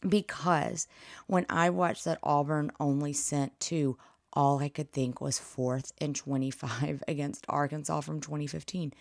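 A woman, hosting a casual sports recap podcast, excitable and animated, her voice nearly worn out. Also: low voice, a little slow, dry recording, clean studio sound. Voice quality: gravelly. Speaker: podcast host.

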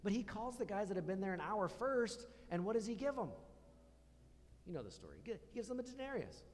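A man's voice: high-pitched, sing-song, brisk, a little mellow, in a large hall. A man preaching a conversational sermon in a church, asking the congregation questions as he goes. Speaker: pastor. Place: church hall.

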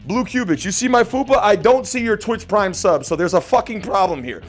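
A man hosting a gameplay video, brash and profane, joking and bursting into shouts. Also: high voice, expressive, a little fast, soft background music. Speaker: gaming video host. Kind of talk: casual gameplay commentary.

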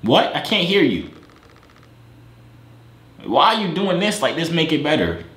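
A man's voice: big pitch swings, measured pace, reverberant. A young man bantering and teasing strangers in a casual online video chat. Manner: loud, teasing, swings between high and low pitch. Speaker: YouTuber chatting with strangers on video calls.

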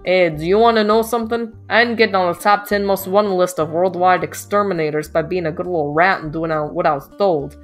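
A swaggering bad-boy rat brags in a low, gruff voice, as a woman puts him on. He sounds cocky and dangerous, a dating-game rogue. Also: fairly even intonation, a little fast, hardly any pauses, faint music behind, lightly acted.

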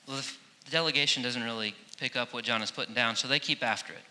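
A man preaching a sermon as pastor, animated, acting out quoted lines with playful emphasis, in a large church. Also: medium pitch, fast. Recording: long hall reverb in a church.

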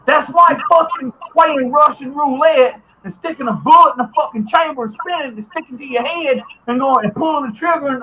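A man's voice: extremely high pitch, brisk, few pauses, pushed and bright, slight background noise, poor audio. A man hosting a podcast, ranting bluntly and profanely, getting heated at times. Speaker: podcast host. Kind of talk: ranting commentary.

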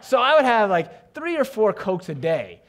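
A man from New York giving an animated conference talk on stage, joking with the audience and asking it questions. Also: high voice, normal speed. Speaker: education speaker.

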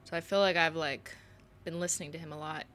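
A woman's voice: low voice, fairly even intonation, fast, fairly bright tone, slight background noise. A young woman streaming a game live, chatty and giggly, swearing freely and slipping into joke voices. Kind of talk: casual live gameplay commentary.

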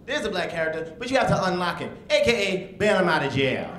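A male stand-up comedian with a fairly high voice that swings widely in pitch. He works the room with punchy timing, dropping low and flat, then climbing high. A live crowd laughs loudly around him. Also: quick pace, few pauses. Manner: deadpan then animated, punchy delivery. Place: comedy club stage. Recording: live club recording with crowd. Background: audience laughter.

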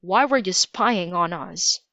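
A woman's voice: on the low side, slow, no echo, clean studio sound, full character voice. A woman voicing a stern male soldier captain in a storybook reading. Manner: commanding, then softening. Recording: dull lo-fi recording.

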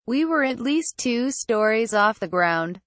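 A woman's voice: fairly high pitch, measured pace, no room sound. Woman reading a horror story. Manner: steady first-person reading. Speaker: narrator. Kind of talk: scripted horror story narration.

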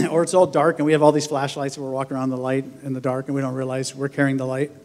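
A pastor delivering a sermon in a church, telling stories in a conversational way and acting out what people said. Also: male voice, medium pitch, level tone, fast, a little mellow, big-room sound. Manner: conversational storytelling, acts out quoted voices, laughs often. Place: church sanctuary.

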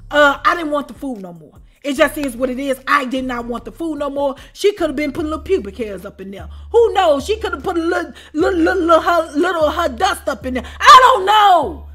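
A woman with a high, sharp voice tells a storytime tale straight to her viewers. She talks in an animated way and now and then bursts into shouts. She keeps tossing in the same conversational tag. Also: fast talker, few pauses, faint music behind. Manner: repeats a conversational tag often. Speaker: storyteller and channel host. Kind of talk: storytime vlog.

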